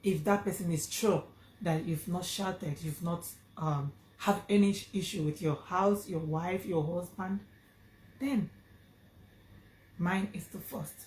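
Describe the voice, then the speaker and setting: A woman's voice: lowish voice, takes it slowly, darkish tone, roomy sound, a little hiss or hum. A woman with a Nigerian accent telling a personal story to her vlog audience, earnest and emphatic, repeating phrases for stress. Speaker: vlogger.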